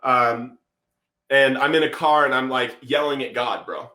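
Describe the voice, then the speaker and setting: A man telling his life story as a podcast guest, animated, acting out quotes and saying "bro" a lot. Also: mid-range voice, a little slow, reverberant. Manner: animated, acts out quotes, says "bro" often. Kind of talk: storytelling testimony.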